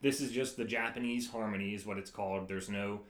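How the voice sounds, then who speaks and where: A man co-hosting a podcast in casual chat, relaxed and laughing often. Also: lowish voice, brisk, reverberant. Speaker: podcast co-host.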